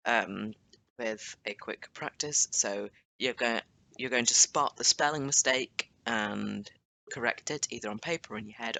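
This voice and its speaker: In a casual screen-share language lesson, a young man explains in a chatty way, often adding asides and correcting himself. His mid-range voice comes across gravelly yet pushed and bright.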